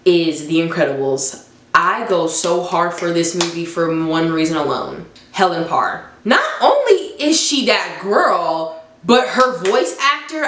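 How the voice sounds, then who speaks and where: A woman's voice: lowish voice, a bit bright, slight background noise. A woman in her twenties chatting enthusiastically in a casual vlog, laughing often. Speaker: vlogger. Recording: roomy echo.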